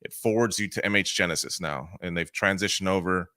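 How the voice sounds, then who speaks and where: Man, podcast co-host, very deep, smooth, profane ranting storyteller. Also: a little fast, bright, forceful tone, no echo, studio quality. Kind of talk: casual chat.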